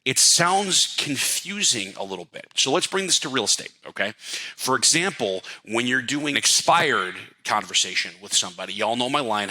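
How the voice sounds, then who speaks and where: A middle-aged man coaching real estate agents in a casual talk, animated and checking that listeners follow along. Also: mid-range voice, normal speed, rough recording. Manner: animated, demonstrates voice upswings and downswings, asks the audience to follow.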